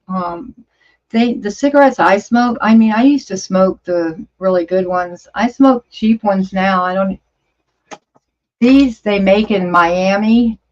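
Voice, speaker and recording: Slow, chatty woman over fifty. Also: mid-range voice. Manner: rambling, chatty, exclaims often. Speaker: livestream host. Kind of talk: casual chat reading viewer comments. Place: home studio. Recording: dull lo-fi stream audio.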